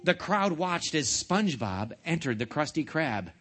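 A man reads a picture book aloud to children, playful and animated, cracking jokes in between pages. His voice is on the high side and he takes his time.

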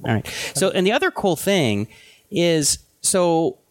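A man's voice: a little high, sing-song, a little slow, dry recording. Casual man musing with restarts, dry sound. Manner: thinks aloud with restarts and hedges. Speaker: podcast co-host. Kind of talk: casual tech chat.

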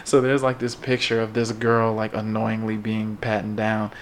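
Loose-talking New podcast host. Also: male voice, lowish voice, monotone, moderate pace, slight background noise. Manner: loose, swearing, laughs while telling news stories. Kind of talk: casual chat.

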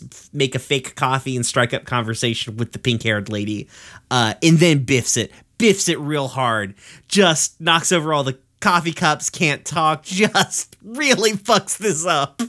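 A man with a mid-range, slightly bright voice co-hosts a podcast, recapping a cartoon episode in loose, rambling chat. He swears freely, laughs often, and slips into quick character voices as asides.

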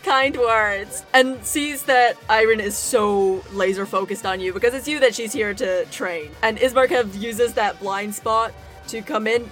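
A woman narrating as the dungeon master of a tabletop game, animated and laughing often. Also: mid-range voice.

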